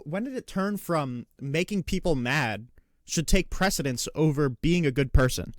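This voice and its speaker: A man's voice: a little high, expressive, no room sound, clean studio sound. A man giving casual political reaction commentary, ranting in an exasperated way with frequent swearing. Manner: exasperated, rapid rants with profanity; mocking put-on taunts when quoting opponents. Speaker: reaction streamer.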